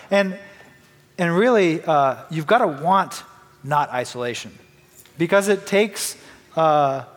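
A young man with a high voice gives a candid personal testimony to a church. He talks conversationally and restarts his sentences often, and his voice rings with the long reverb of a big hall. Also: a bit bright. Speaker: church member giving testimony.

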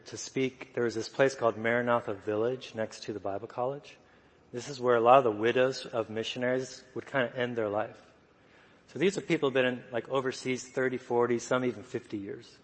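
Soft-spoken man preaching in a hall. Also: medium pitch, steady tone, brisk. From United States. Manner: soft-spoken, humorous storytelling. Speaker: guest preacher. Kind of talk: sermon storytelling. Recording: long reverb of a church hall.

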